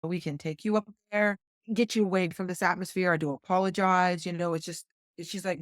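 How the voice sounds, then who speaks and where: A retired flight nurse from West Virginia, middle-aged, tells an earnest personal story as a podcast guest, voicing the remembered exchanges. She talks briskly in a fairly low, steady voice, and the studio-quality recording has no echo.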